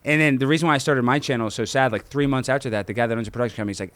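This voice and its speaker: Man, podcast guest, very fast talker, excitable, rambling storyteller, dry close sound. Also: mid-range voice, dry recording. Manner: rapid, excitable storyteller who jumps between tangents. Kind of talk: casual podcast chat.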